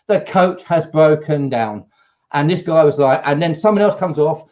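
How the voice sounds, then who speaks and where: Animated English man telling a story. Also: on the high side, normal speed. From England. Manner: animated, acts out quotes. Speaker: host. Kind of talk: casual storytelling on a live show.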